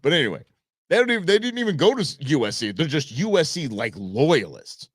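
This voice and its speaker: A man hosts a casual live stream, chatting straight to his viewers and wandering through anecdotes with restarts and asides. His voice swings widely in pitch as he tells stories. The sound is dry and close. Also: a little fast, breathy edge, no room sound. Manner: animated storyteller, frequent restarts and asides to chat. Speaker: live show host.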